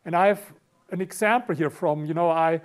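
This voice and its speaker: German-accented man lecturing, high voice. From Germany, Berlin. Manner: halting, repeats words and clears his throat often. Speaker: conference speaker. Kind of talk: lecture to a live audience. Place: conference hall.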